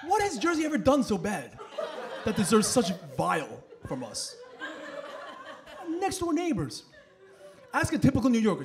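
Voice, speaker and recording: Animated high-voiced comedian. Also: male voice, normal speed, long pauses, background noise. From New York. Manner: loud, animated crowd work. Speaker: stand-up comedian. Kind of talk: stand-up set. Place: back room of a bowling alley.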